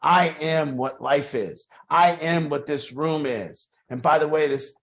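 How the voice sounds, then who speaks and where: A man's voice: on the high side, a little slow, a bit bright. A man leading a support group, talking emphatically, repeating key phrases with restarts and the odd swear word. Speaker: group leader. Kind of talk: motivational group talk.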